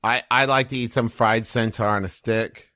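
A man's voice: medium pitch, fairly even intonation, moderate pace, bright, forceful tone, no echo. A man playing in a tabletop game, goofy and eager. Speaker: player.

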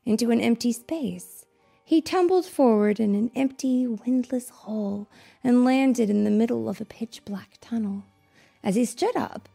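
A woman reading a storybook aloud to a child, expressive and acting out the sound effects. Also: on the high side, vocal fry.

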